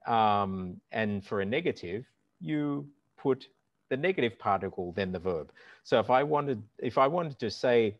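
A man's voice: medium pitch, a little slow, dry recording. Middle-aged man teaching on a dull call line. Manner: animated and instructive, demonstrates words aloud. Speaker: language teacher and guest. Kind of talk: explanatory conversation.

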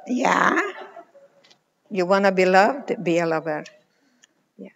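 A woman in her eighties, a psychologist, giving a motivational conference talk, telling stories slowly and emphatically with pauses. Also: fairly low pitch, animated, gravelly. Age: 80s. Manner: slow, emphatic storytelling with pauses. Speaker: keynote speaker, psychologist. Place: large conference hall. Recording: reverberant hall, muffled sound.

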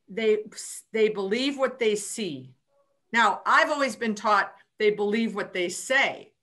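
A woman's voice: mid-range voice, pushed and bright. A woman hosting a book club call, chatting casually and retelling sales conversations with frequent restarts. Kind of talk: casual group call discussion.

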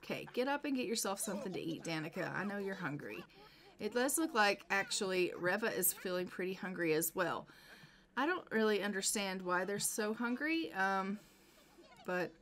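A woman's voice: medium pitch, fairly bright tone. Woman, casual let's-play narrator, chatty and talks to the characters, faint background noise. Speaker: gameplay narrator.

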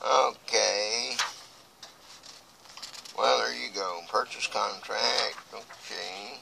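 A man's voice: lowish voice, extremely slow, gravelly, heavy background noise. A middle-aged man, talking to camera in a rambling way that turns impassioned and accusing. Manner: mutters quietly while reading paperwork. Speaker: video blogger.

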